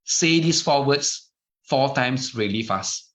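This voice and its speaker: A man's voice: mid-range voice, lively intonation, takes it slowly, fairly bright tone. A middle-aged man with a Malaysian English accent, giving an informal dharma talk full of anecdotes, chatty with restarts and asides. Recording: muffled lo-fi recording.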